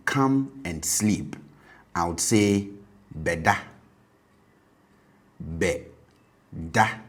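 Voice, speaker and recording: A man teaching a language lesson, patiently explaining and repeating example words for the learner. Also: low-pitched.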